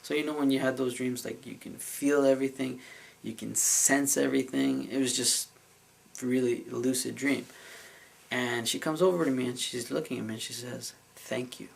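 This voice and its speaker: A man's voice: medium pitch, steady tone, normal speed, vocal fry, breathy edge, low-quality recording. A man telling a dream story in a casual vlog, earnest and emotional, rambling with many fillers and restarts. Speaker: vlogger recounting a dream.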